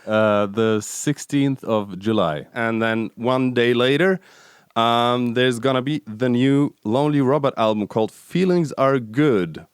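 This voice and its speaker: Podcast host, man, smooth clear voice, close dry mic, halting and keen. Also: medium pitch, no echo. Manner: hesitant, many fillers, enthusiastic. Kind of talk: casual interview hosting.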